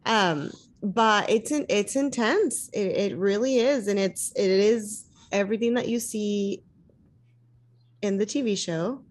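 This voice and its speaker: A woman tells a lively story in casual conversation, slipping into the voices of the people she quotes. She sounds like a young adult, with a voice that is neither high nor low. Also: measured pace. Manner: animated, acts out voices in her anecdotes. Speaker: dance mom.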